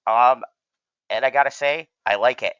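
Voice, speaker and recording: A man's voice: mid-range voice, moderate pace, a bit bright, clean tone, dry recording, dull audio. A man hosting a fan channel, giving a heated and profane reaction commentary.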